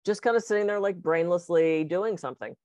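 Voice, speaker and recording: A woman in casual conversation, a hypnotist and guest who talks fast and animatedly, acting out the voices in her anecdotes. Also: on the low side, darkish tone, no room sound. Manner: fast-talking storyteller.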